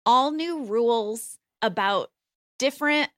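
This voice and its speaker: A woman's voice: on the high side, slow pace, a bit bright, dry recording, studio quality. A woman co-hosting a podcast clip, chatting playfully and teasing her co-host. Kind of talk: casual chat.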